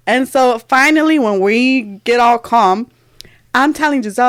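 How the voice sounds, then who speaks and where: A woman's voice: on the high side, lively intonation, a little slow, fairly bright tone, no room sound, studio quality. A woman in her thirties, co-hosting a podcast, telling a story in casual chat and laughing often. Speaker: podcast co-host.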